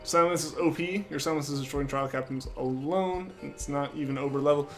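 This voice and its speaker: A man's voice: fairly high pitch, fairly quick, faint music behind. Young male streamer chatting with viewers. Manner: reads chat aloud and answers viewers. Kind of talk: casual live-stream chat.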